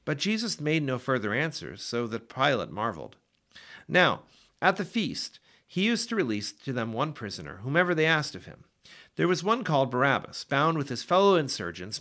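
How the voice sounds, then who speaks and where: A man reading scripture aloud for a daily Bible podcast, with an expressive, dramatic delivery. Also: mid-range voice, normal speed. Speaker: Bible reader.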